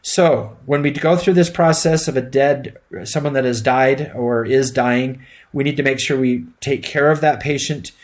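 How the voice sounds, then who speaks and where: Middle-aged guy teaching emt class, chatty and plain, lots of ums, mid-pitched voice. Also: fairly even intonation, normal speed, few pauses. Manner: plain-spoken, conversational, with fillers. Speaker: EMT instructor. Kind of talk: lecture.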